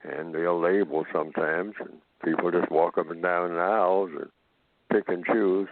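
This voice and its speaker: A man who is a guest on a call-in radio program, speaking slowly and repeating phrases for emphasis. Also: low-pitched, fairly even intonation, gravelly, no room sound. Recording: tinny phone-line audio.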